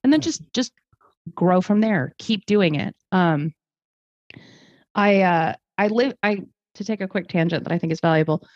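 A woman with a lowish voice talks in an articulate, reflective way, stopping to rephrase and adding fillers as she thinks. The sound is dry and a little dull, with no room around it. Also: moderate pace, pauses often, darkish tone, dry recording. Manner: thoughtful, articulate, with fillers and restarts. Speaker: guest speaker. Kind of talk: conversational podcast interview. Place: lives in Germany.

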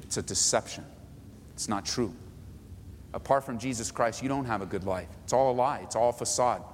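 Guy preaching in a reverby church hall, lively and dramatic, slightly high voice, faint background hum. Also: fairly quick. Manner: animated, dramatic swings in pitch and loudness, acting out prayers. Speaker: pastor. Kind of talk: sermon.

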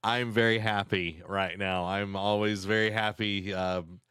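A man co-hosting a casual gaming podcast, talking in a relaxed, friendly way with many fillers. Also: fairly low pitch, unhurried, clean tone, no echo, studio quality. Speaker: podcast co-host.

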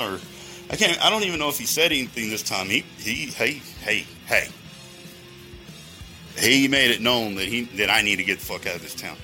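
Sharp-voiced man ranting. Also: medium pitch, animated, moderate pace, soft background music. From Texas. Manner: heavy swearing, rambling tangents, addresses listeners directly. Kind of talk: rambling profane monologue.

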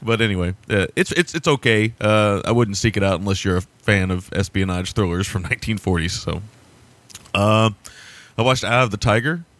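A man's voice: fairly low pitch, moderate pace, a bit bright. A man hosting a podcast, chatting casually about movies in a rambling, profane way and laughing often. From America. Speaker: podcast host.

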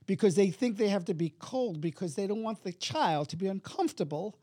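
Brief: male guest with a fairly high, mellow voice, explaining, close and dry. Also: expressive, a little fast, breathy edge, no echo. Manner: explanatory, acts out voices in anecdotes. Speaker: hypnotherapist guest. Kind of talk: interview conversation.

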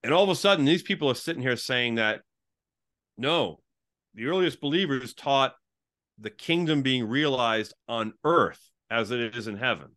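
A middle-aged man, once a pastor, tells stories casually as an interview guest. His mid-range voice is expressive and fairly bright, moving at a normal speed. He's chatty, drops "like" constantly, and acts out the people he quotes.

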